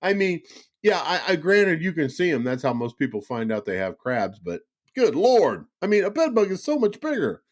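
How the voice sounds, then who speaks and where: Lively high-voiced man cracking up on a podcast. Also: normal speed. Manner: profane, animated, laughs easily. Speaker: podcast co-host. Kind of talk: casual podcast banter. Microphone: studio mic with cough button.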